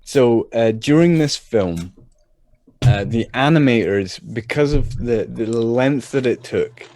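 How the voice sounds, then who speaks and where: A podcast co-host with an animated, mid-range, darkish voice takes it slowly in casual chat. He rambles, often restarts his sentences, and repeats words when starting.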